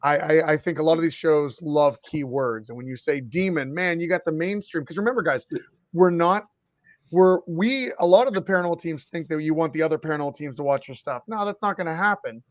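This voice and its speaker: A middle-aged man holds forth on a podcast with a fairly high, excitable voice. He rants in quick animated bursts, and his audio is dry and a little dull. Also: dry recording. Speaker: podcast co-host. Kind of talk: casual podcast chat.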